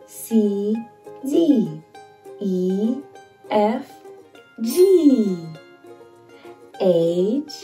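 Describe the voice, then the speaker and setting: A young woman presents a toddler learning video, talking slowly in a playful sing-song way and making silly animal sounds. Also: fairly high pitch, a little mellow. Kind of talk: teaching toddlers.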